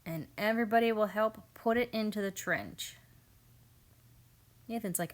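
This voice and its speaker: A woman's voice: mid-range voice, normal speed. A woman in her thirties narrating a home garden video in a casual, amused, chatty way, often quoting her family. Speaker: family homestead vlogger.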